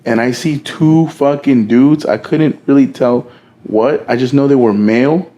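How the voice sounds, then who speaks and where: A young podcast co-host tells a story among friends, casual, profane and slangy, acting out the quoted dialogue. His medium-pitched voice is unhurried with a dark tone, and the audio sounds dull.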